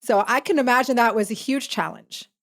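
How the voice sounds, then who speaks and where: A woman with a high voice hosts a relaxed interview. She backs up her guest with short replies and finishes the guest's thoughts. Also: fairly quick. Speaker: host. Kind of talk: casual interview chat.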